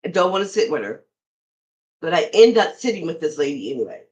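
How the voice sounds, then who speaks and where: A middle-aged woman hosts a podcast, chatting casually and speaking right to her listeners as she tells a personal story. Her voice is low and slightly mellow, moves fairly quickly, and swings widely in pitch. The recording quality is rough.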